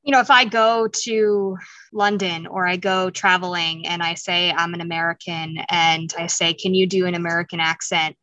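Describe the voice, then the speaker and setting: A woman's voice: lowish voice, flat delivery, moderate pace, bright, forceful tone, highs cut off. A woman from Wisconsin hosting an interview, asking curious, rambling questions full of "you know".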